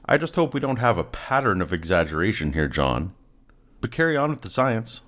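A man's voice: on the low side, very animated, a little fast, fairly bright tone. A man hosting a podcast, giving dry, mocking commentary over video clips. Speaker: podcast host.

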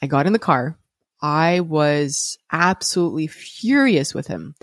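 Her deep, expressive voice moves at a measured pace as she, a podcast host and parent, recounts a personal story with candor, frequent restarts, and soft laughs. The recording is clean studio sound with no room noise.

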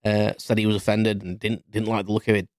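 A man's voice: fairly low pitch, level tone, fairly quick, darkish tone, no room sound, studio quality. A British man in his thirties, a podcast host rambling through a casual story with many restarts. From United Kingdom.

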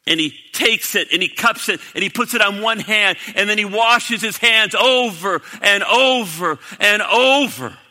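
A man preaching a sermon to a congregation, dramatic, swinging from loud to hushed. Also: high voice, a little slow, hardly any pauses. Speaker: pastor. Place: church sanctuary. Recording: long hall reverb.

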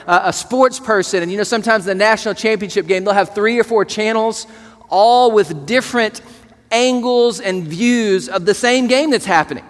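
A man's voice: high voice, long reverb tail. A man preaching a sermon as pastor, earnest and leading the congregation, with words he often repeats.

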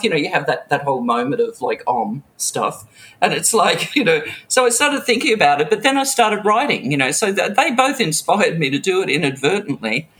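A woman's voice: fairly low pitch, big pitch swings, fairly quick, fairly bright tone. A middle-aged woman telling stories from her music industry career in a casual interview. She laughs often and drops into quoted voices. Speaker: author and music industry veteran.

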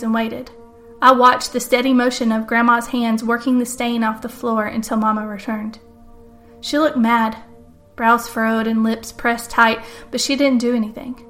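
A woman telling a first-person story in scripted narration, calm and measured. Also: on the high side.

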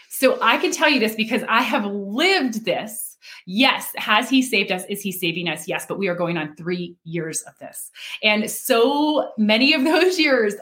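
Woman guest, mid-pitched, earnest testimony, casual and full of fillers. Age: adult with children. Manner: earnest, with frequent fillers and soft laughs. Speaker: guest sharing her faith testimony. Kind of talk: casual faith talk.

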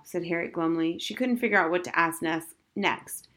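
Woman reading an audiobook in a lowish voice. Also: steady tone, moderate pace, hardly any pauses. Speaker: audiobook narrator. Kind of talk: scripted narration.

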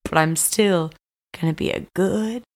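A woman's voice: fairly low pitch, measured pace. Tipsy young woman interviewing a friend. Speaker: guest interviewer. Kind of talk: casual chat.

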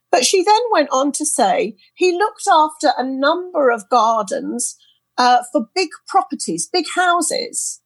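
Animated British woman telling a story. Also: sits high, no room sound, poor audio. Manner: animated storyteller who quotes others in lively voices. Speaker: interview guest, spirit artist. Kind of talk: storytelling in a podcast interview. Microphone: headset earphones.

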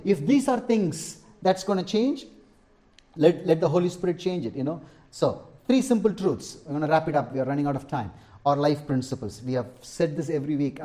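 A man's voice: medium pitch, dark tone. A middle-aged man, preaching a sermon as pastor, stressing and repeating key lines and asking the congregation for an "Amen?".

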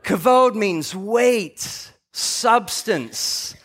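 A man's voice: sits high, animated, very slow, fairly bright tone. A male pastor giving a sermon in a church, telling stories and acting out dialogue with repeated words. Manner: storytelling preacher, acts out dialogue, repeats words.

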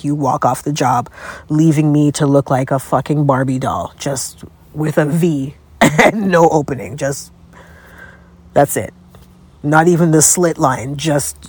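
A woman's voice: deep voice, a little mellow, husky. A young adult woman hosting her own podcast, venting in a profane, exasperated, comic solo rant. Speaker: podcast host.

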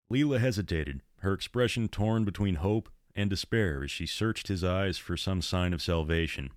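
Deep-voiced man narrating horror. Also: moderate pace, hardly any pauses, dry recording, studio quality. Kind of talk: reading his own horror story.

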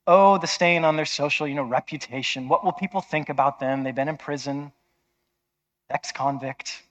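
A man's voice: on the high side, steady tone, normal speed, a bit bright. A man preaching a sermon in an emphatic, conversational way, often checking with listeners.

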